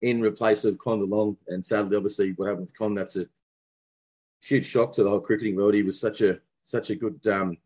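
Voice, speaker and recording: Rambling Australian man, slightly low voice. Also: fairly even intonation, brisk, darkish tone, breathy edge. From Brisbane, Australia. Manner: reminiscing, rambling with many restarts. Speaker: guest, former cricketer. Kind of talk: casual interview chat.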